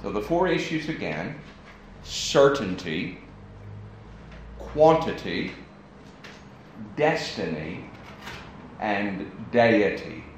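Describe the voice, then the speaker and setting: American preacher in an echoing hall. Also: male voice, fairly low pitch, very animated. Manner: deliberate, emphatic, pausing speaker. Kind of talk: evening sermon. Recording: very echoey hall with faint noise.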